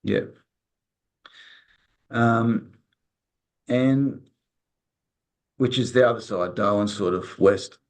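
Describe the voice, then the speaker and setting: A man talks casually as an interview guest, his voice sitting fairly low. He rambles and restarts often, and he acts out the dialogue he quotes. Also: very slow, long pauses. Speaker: interview guest, resilience consultant.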